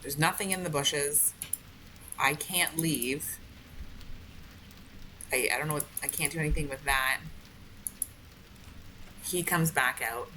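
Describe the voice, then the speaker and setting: A woman with a deep, tense, forceful voice talks through a game she's streaming. Her commentary is casual and frustrated, full of "like" fillers and swearing. A faint noise sits under her voice. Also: takes it slowly, long pauses, poor audio. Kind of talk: casual let's-play commentary.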